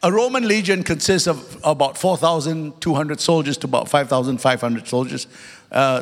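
A high-pitched male preacher delivers a sermon. He hammers key words twice and throws questions out to the congregation. The church's long reverb trails every phrase. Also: fairly bright tone. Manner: emphatic, repeats key words, calls to the congregation; joking asides.

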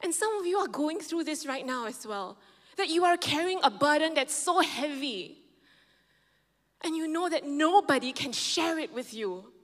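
A woman's voice: sits high, expressive, moderate pace. A woman pastor preaching a sermon, telling a personal story and quoting others in changing tones. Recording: long reverb of a large hall.

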